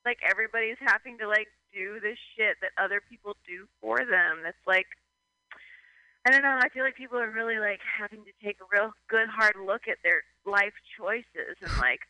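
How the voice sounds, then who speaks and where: A woman's voice: mid-range voice, brisk, hardly any pauses, bright, forceful tone, dry recording, rough recording. A woman hosting a casual radio chat, rambling with lots of "like" and acting out little scenes. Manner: rambling, heavy "like", acts out voices. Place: San Francisco.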